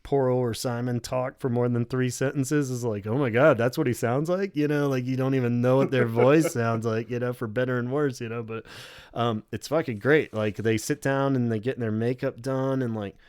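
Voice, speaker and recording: A man's voice: medium pitch, steady tone, moderate pace, darkish tone, clear, resonant tone, no room sound, clean studio sound. A man hosting a podcast in casual chat, a rambling storyteller who swears freely and acts out quotes. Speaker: podcast host.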